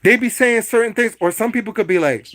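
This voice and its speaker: A man's voice: high-pitched, quick pace, fairly bright tone, no echo. A man hosting a casual livestream, speaking in a preachy, repetitive way and addressing his viewers directly. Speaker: livestream host. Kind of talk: casual livestream talk to chat.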